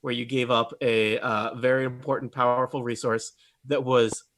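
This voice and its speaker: A man's voice: mid-range voice, little pitch movement, moderate pace, a bit bright, slight background noise. A man running a tabletop game as game master, chatting playfully and laughing often. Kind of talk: casual tabletop game chat.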